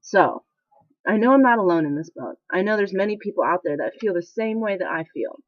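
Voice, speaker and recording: A woman's voice: mid-range voice, lively intonation, brisk, dry recording. A young woman in military training, talking candidly in a casual confessional vlog, rambling and emotional with many fillers. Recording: dry, slightly dull lo-fi sound.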